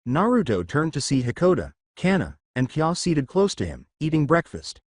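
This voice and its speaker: A man giving a steady, scripted narration of a fan-written story. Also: on the high side, normal speed, no echo, clean studio sound.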